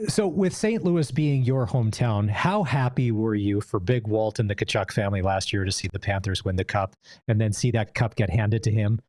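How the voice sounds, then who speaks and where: A man's voice: on the low side, normal speed, darkish tone, no echo. A man hosting an interview, asking eager questions and giving brief reactions. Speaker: podcast host.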